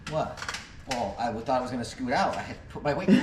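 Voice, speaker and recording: A man's voice: mid-range voice, animated, unhurried. A man hosting a casual car-repair vlog, joking and teasing as he works in his shop. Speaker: channel host. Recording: echoey, distant mic, loud noise.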